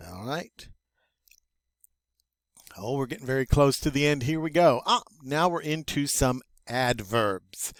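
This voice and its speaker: An older man teaching a French vocabulary review, slow and patient, with wry self-deprecating asides. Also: mid-range voice, no room sound.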